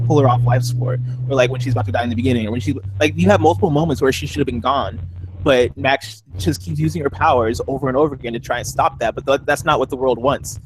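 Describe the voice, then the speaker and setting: A man's voice: medium pitch, background noise. A man hosting a casual group podcast chat, talking in rambling, easygoing sentences. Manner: rambling, laughs easily. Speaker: podcast host.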